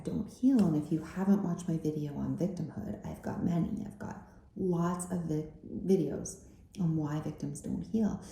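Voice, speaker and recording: A woman healing coach giving an earnest self-help talk, repeating her points and often dropping to a breathy near-whisper. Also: deep voice, mellow. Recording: very echoey room.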